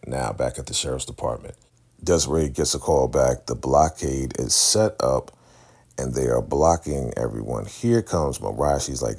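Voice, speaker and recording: A man casually recapping a TV episode, telling the story in an animated way and slipping into the characters. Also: rumbling low, moderate pace, gravelly, breathy edge. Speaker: show recap host.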